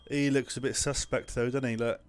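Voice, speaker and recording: A man talks casually through a let's-play, joking and reacting as he clicks along. His voice sits at an everyday middle pitch. The delivery is loose and conversational. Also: level tone, brisk, smooth. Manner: chatty and joking, reacting aloud as he plays. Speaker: gamer playing a management game.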